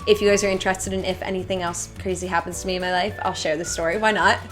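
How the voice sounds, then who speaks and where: A woman's voice: fairly low pitch, flat delivery, fast talker, faint music behind. A young woman vlogger telling a casual storytime to her viewers, chatty and full of "like", animating the retelling. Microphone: seated to camera.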